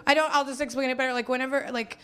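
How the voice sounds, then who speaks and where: A woman's voice: high voice, steady tone, racing, fairly bright tone, smooth. A woman from Winnipeg doing a stand-up set, rambling and self-deprecating, laughing as she talks. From Winnipeg, Canada. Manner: rambling, self-deprecating, with frequent laughs and put-on quoted voices. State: hungover. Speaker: stand-up comedian. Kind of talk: stand-up set before a live audience.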